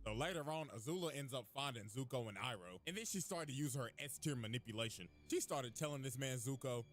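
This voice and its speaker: A man's voice: mid-range voice, animated, brisk, hardly any pauses, a little hiss or hum. A young man giving a comedic cartoon recap in slangy, profane, joking narration. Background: music.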